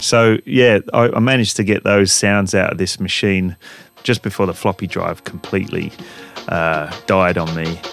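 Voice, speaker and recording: A man with a low voice and a gravelly edge walks through his home studio setup. He talks in a loose, rambling way with lots of ums, and music samples play clearly behind him. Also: moderate pace. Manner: relaxed, rambling, with many ums. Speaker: music producer and channel host. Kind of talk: casual studio walkthrough. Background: music samples playing.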